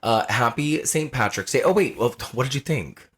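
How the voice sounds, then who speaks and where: A man's voice: medium pitch, lively intonation, normal speed, a loud crowd. Chatty man hosting a movie commentary. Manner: chatty, addresses listeners directly, laughs easily. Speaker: podcast host.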